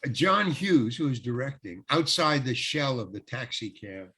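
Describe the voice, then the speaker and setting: A man's voice: mid-range voice, big pitch swings, moderate pace, pushed and bright, husky. An older man, a guest actor, rambling through showbiz anecdotes in casual talk, often restarting and acting out quoted dialogue.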